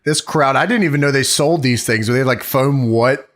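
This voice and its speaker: A man's voice: medium pitch, normal speed, a bit bright. A man co-hosting a podcast in casual chat, trading jokes and laughing. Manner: laughing, joking banter. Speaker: podcast co-host. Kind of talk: casual retro wrestling review chat.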